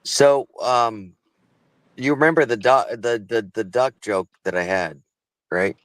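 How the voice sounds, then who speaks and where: A man's voice: medium pitch, measured pace, dry recording, low-quality recording. Guy on a stream telling a joke, laughs a lot, dry close sound. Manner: laughs often, restarts sentences. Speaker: co-host. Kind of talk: casual chat, telling a joke. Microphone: live stream call.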